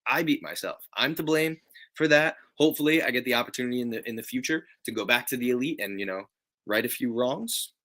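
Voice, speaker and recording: A young man, a pro wrestler, chatting as an interview guest over a video call, animated and quick to laugh. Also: mid-range voice. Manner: animated storytelling, laughs easily. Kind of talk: casual interview chat.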